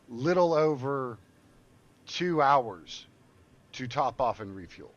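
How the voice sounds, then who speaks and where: A man's voice: mid-range voice, expressive, unhurried, pauses often, a bit bright, dull audio. An older man streaming a game, telling a long story in a blunt, profane, rambling way. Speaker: gaming streamer. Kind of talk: casual storytelling while gaming.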